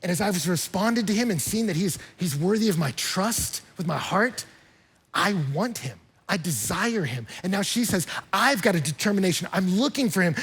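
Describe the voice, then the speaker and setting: In church, a pastor with a high, slightly breathy voice delivers a conversational sermon full of humor. He acts out quoted voices as he explains scripture.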